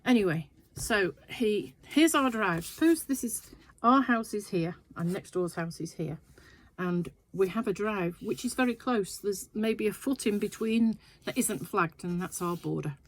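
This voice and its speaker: A woman's voice: medium pitch, measured pace, few pauses. An older woman telling a rambling, chatty story in her sewing shed. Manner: chatty, rambling anecdote with asides. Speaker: sewing vlogger. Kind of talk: casual storytelling chat.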